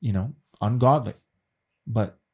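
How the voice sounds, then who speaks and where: A man's voice: on the low side, measured pace, slightly rough. A man casually explaining a faith question as a teacher, earnest and often repeating words as he restarts.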